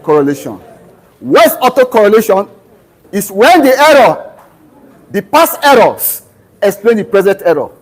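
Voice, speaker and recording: A man's voice: sits high, low-quality recording. A middle-aged man with a Nigerian accent giving a live university lecture, constantly quizzing students with half-finished sentences and explaining ideas through everyday family stories. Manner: drills students with fill-in-the-blank questions ending in "what?"; teaches through homely family anecdotes. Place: lecture room.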